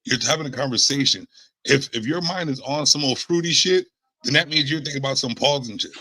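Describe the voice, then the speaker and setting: A man's voice: mid-range voice, a little fast, pushed and bright, poor audio. A man on a debate panel, blunt and dismissive, swearing freely as he argues. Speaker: panel guest.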